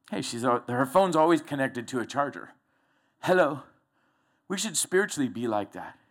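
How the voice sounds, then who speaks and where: Middle-aged guy preaching, folksy and animated, kinda high voice. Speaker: pastor. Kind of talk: sermon.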